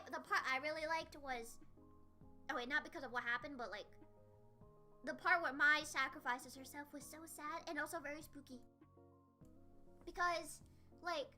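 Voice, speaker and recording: A young woman streamer chatting casually about an anime, excitable and prone to squeals and laughter. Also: high-pitched. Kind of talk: casual anime discussion livestream. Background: faint background music.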